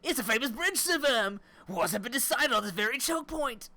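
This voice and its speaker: A chatty, knowing companion woman with an exaggerated put-on British accent, as a man plays her for a video game. Her voice is high and bright, bursting with eager over-the-top delivery. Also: lively intonation, normal speed, exaggerated voice. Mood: excited.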